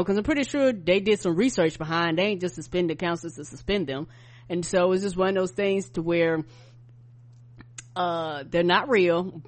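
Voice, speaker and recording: A woman co-hosting a podcast, talking emphatically in casual chat and backing up her co-host. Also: on the low side. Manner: emphatic, conversational, backs up co-host. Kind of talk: casual news-commentary chat.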